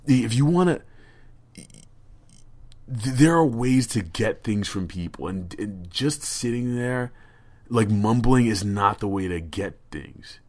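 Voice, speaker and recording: A man's voice: on the low side, animated, slow, darkish tone. A man telling a rambling, profane story on a casual podcast, stammering and restarting often. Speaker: podcast co-host.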